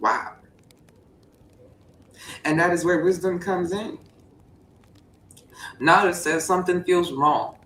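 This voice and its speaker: A woman giving a playful sermon-style riff on a voice call, preachy and repetitive, bursting into high whoops. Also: steady tone, takes it slowly, long pauses, a bit bright. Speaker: show participant preaching to the group. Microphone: voice chat mic. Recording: roomy, distant voice chat audio, faint hum.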